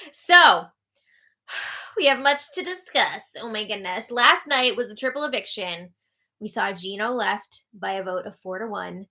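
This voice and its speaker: A woman's voice: fairly high pitch, sharp tone. A young woman hosting a casual live update show, chatty and tired, laughing often as she recaps. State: tired, yawning. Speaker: host.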